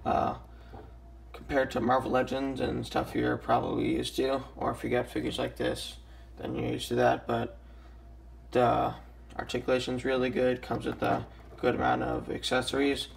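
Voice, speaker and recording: A young man with a raspy, just-woken-up voice, casually reviewing a toy with lots of ums and restarts. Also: medium pitch, completely flat delivery, normal speed. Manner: hesitant, many ums and restarts.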